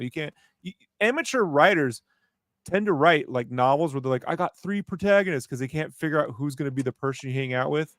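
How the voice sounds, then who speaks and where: A man's voice: a little high, animated, fairly quick, a bit bright, no room sound, studio quality. A man co-hosting a casual livestream, joking and sarcastic as he talks. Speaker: podcast co-host.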